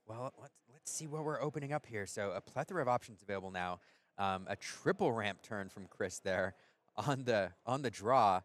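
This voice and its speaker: Low-voiced male card game caster. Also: moderate pace. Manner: energetic, excitable play-by-play. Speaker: play-by-play caster. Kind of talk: card game tournament commentary.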